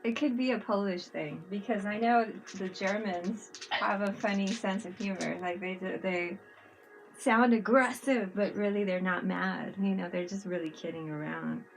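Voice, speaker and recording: A woman chatting casually on a livestream, telling animated stories, laughing often and swearing freely. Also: medium pitch, moderate pace. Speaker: livestream co-host. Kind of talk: casual chat.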